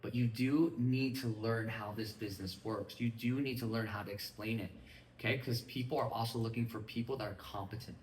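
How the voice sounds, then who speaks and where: A man delivers a lively motivational training talk to a group of listeners and keeps asking whether they follow him. His voice sits at an ordinary male pitch. It is picked up from some distance in an echoey room with faint ambience behind it. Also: a little fast, a little hiss or hum. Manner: energetic, keeps checking in with listeners. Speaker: business mindset trainer.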